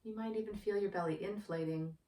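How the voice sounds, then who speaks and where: A woman who works as a yoga therapist, guiding a breathing practice in a slow, gentle, soothing manner. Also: medium pitch. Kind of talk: guided breathing instruction. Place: indoor room with yoga mat. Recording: roomy, distant from the mic.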